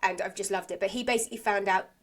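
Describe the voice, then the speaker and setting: A woman's voice: medium pitch, fairly even intonation, racing. A woman co-hosting a podcast, chatting casually as she recaps a soap, laughing often and acting out characters' lines. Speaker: podcast co-host.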